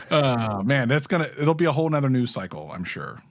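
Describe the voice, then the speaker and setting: A man's voice: mid-range voice, dry recording. A man speaking as a guest in a casual interview, candid and laughing often. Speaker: guest, former company community liaison.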